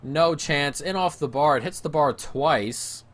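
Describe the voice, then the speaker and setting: At a measured pace, a gaming YouTuber narrates his own football video game match as it happens. He shouts with excitement at goals and drops into low, gloomy muttering when he makes mistakes.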